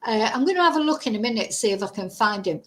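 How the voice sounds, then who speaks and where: A woman's voice: on the high side, lively intonation, quick pace, a bit bright. A woman hosting a commentary vlog, scornful and exasperated, reading out a news article and picking it apart with sarcasm. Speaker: commentary channel host.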